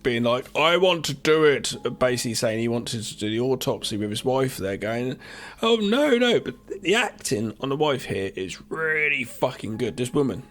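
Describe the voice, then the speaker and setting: A man's voice: mid-range voice, lively intonation, normal speed, few pauses, fairly bright tone. A man co-hosting a podcast, talking casually about a film's acting with some hesitant restarts. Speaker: podcast co-host. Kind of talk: casual film discussion.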